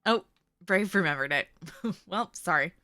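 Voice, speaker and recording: A woman's voice: on the low side, animated, measured pace, bright, forceful tone, no room sound, studio quality. A woman streaming a casual, rambling chat who laughs often and trails off mid-thought.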